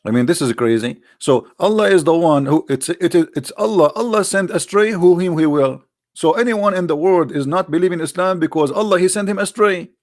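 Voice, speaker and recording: A man's voice: sits high, no echo, clean studio sound. Sarcastic man in mocking commentary. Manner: mocking, repetitive, halting non-native English. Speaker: religious debate host.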